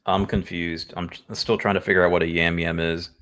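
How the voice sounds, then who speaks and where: Man, podcast co-host, low voice, deadpan quips, casual banter. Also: fairly quick.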